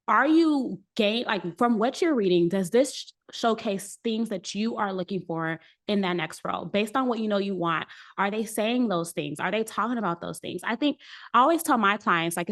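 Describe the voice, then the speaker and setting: A woman's voice: medium pitch, fairly bright tone. A woman career coach answering interview questions in a casual podcast chat, earnest and emphatic as she lays out her advice.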